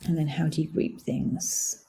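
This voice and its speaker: Gravelly low woman thinking aloud. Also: level tone, unhurried, warm tone. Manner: thinks aloud, casual, hesitant with many fillers. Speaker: blogging tutorial host. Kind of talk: screen-share software walkthrough.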